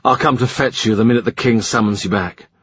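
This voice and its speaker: A man reading the lines of a shrewd, dry-witted middle-aged statesman in a measured, wry way. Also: fairly low pitch, slight background noise, lightly acted. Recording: slightly muffled dry recording.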